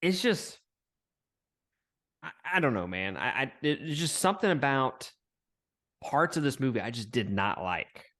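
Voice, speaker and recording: A man's voice: medium pitch, very animated, a little slow, long pauses, fairly bright tone. A man co-hosting a podcast, chatting bluntly about a film and laughing often. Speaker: podcast co-host. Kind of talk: casual movie review chat.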